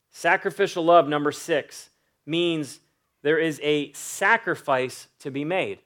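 A man preaching a sermon, his voice sitting a little high for a man. He takes his time, leaning hard on key phrases and stretching them out slowly. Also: fairly bright tone. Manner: emphatic preaching with drawn-out slow phrases for emphasis. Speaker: pastor.

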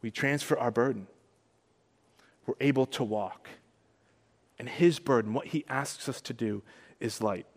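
Man preaching earnestly, swings between emphatic and hushed, mid pitch, hall reverb. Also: unhurried, long pauses. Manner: earnest preaching, rising to emphatic peaks and dropping soft. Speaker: pastor. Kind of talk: sermon.

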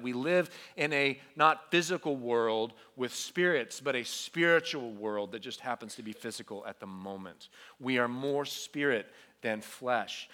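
A man preaching to a junior high youth group, telling a story in an animated way. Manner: animated storytelling, acts out quotes. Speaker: youth pastor. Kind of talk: youth sermon.

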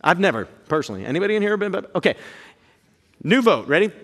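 A man in his thirties preaching a storytelling sermon, animated and self-mocking, jumping to high yelps when he acts out fear. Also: fast talker. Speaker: pastor. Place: church auditorium. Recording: reverberant hall.

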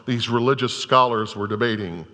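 A man's voice: mid-range voice, normal speed, bright, forceful tone. A male pastor preaching a sermon to a congregation, telling scripture stories in a conversational, storytelling way. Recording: long reverb of a large hall.

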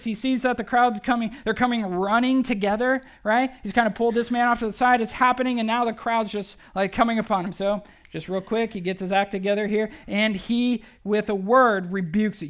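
A pastor preaching a sermon to a church in a conversational, animated way, often asking rhetorical questions. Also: medium pitch, normal speed, few pauses. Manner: animated, acts out quoted speech.

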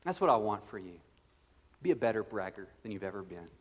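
A man's voice: on the low side, very animated, brisk, husky. A man in his thirties preaching a sermon as pastor, earnest and conversational with playful asides. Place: church sanctuary. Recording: long reverb of a church hall.

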